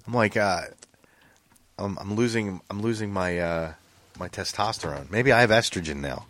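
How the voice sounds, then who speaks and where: A man's voice: lowish voice, normal speed, fairly bright tone, a little hiss or hum. Profane, rambling man podcast host. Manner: profane and rambling, with many restarts. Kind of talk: casual chat.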